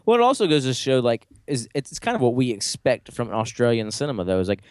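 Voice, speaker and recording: A man's voice: mid-range voice, huge pitch swings, fast talker, darkish tone, clean tone, no echo. A man co-hosting a casual horror-movie podcast, chiming in with joking asides. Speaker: podcast co-host. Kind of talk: casual film discussion.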